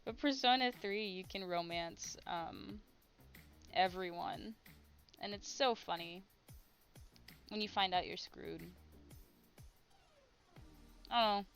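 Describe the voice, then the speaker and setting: A woman's voice: mid-range voice, slow pace, long pauses, a bit bright, soft background music. A woman streaming while she draws, chatting in a rambling, giggly way. She has a headache. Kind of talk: casual chat while drawing on stream.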